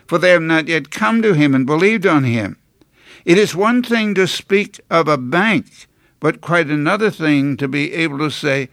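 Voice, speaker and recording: A man preaching a sermon in a slow, deliberate delivery. His voice sits a little high for a man and carries a gravelly edge. The sound is dry and close, and his manner is earnest, with emphatic rises. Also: fairly bright tone, dry recording. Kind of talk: scripted sermon.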